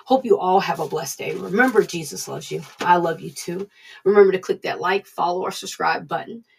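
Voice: mid-range voice, brisk, creaky, recorded from a distance, a little hiss or hum. A preacher giving a casual devotional talk, conversational and repeating points for emphasis.

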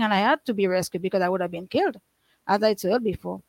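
Middle-aged woman, earnest testimony, restarts a lot, mid-pitched voice. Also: quick pace, vocal fry, no echo, poor audio. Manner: earnest, rambling, with frequent restarts and nonstandard grammar. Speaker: guest sharing her life story. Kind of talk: emotional personal testimony.

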